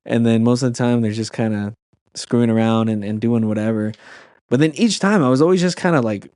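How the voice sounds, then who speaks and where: A man's voice: mid-range voice, brisk, darkish tone, no echo, studio quality. A man on a podcast as a guest and youth camp leader, telling a personal story in an earnest way, with many restarts and fillers.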